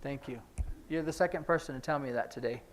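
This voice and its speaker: A man teaching a sign language class in a church classroom, explaining each sign as he demonstrates it, with hurried asides about the time. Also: mid-range voice, a little hiss or hum. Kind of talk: classroom instruction.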